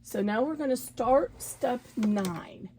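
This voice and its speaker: A woman's voice: a little high, lively intonation, slow, a little mellow, a little hiss or hum. A woman giving a casual, chatty sewing tutorial, talking through each step as she works and correcting herself along the way. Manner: chatty, self-correcting, talks while working. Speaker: embroidery instructor.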